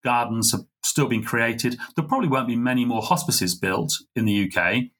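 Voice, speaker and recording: A middle-aged man, a podcast guest, telling a heartfelt story in an earnest, halting way. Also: mid-range voice, a bit bright, slightly rough. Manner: earnest, halting, full of fillers and restarts. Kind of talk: conversational storytelling.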